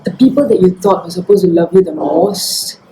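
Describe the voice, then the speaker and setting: A woman's voice: on the low side, fairly quick, warm tone, slight background noise, low-quality recording. Young woman telling an emotional story. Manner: emotional, indignant retelling. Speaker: vlogger. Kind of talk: personal storytime vlog.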